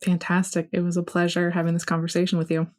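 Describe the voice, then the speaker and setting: A woman's voice: on the low side, completely flat delivery, fast, a little mellow. A woman financial coach as a guest, speaking in a thoughtful, affirming way. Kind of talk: casual interview chat.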